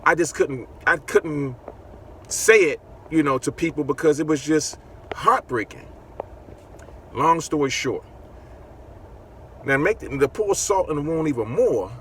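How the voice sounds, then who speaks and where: A middle-aged man spins a personal story for his viewers in a bright, forceful voice. He jumps up in pitch whenever he acts out what someone said. Faint street traffic hums behind him outdoors. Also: unhurried, long pauses. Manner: animated, acts out quoted dialogue with a rising voice. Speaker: singer telling his story.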